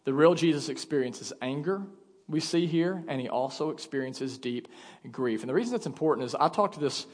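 A man's voice: on the high side, animated, fairly quick, in a large hall. A male pastor delivering a sermon in an emphatic, conversational way, speaking in a church sanctuary.

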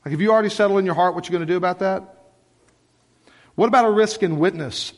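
A man's voice: high-pitched, fast talker. Passionate male preacher, reverberant church hall. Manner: passionate, conversational, filled with "like". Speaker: pastor. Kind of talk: sermon. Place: church sanctuary.

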